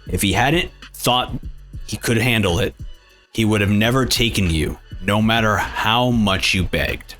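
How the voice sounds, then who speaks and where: A man doing a low gruff father figure. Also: a little slow, fairly bright tone, soft background music. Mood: stern. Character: gruff adult male father, blunt and evasive.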